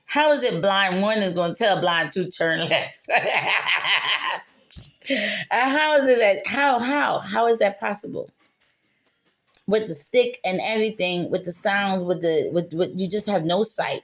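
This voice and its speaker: A woman's voice: medium pitch, moderate pace. A mother talking candidly and emotionally about her faith and healing, repeating herself and laughing through tears. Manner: spiritual, speaks of God and faith. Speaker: mother sharing her story. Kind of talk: candid personal monologue.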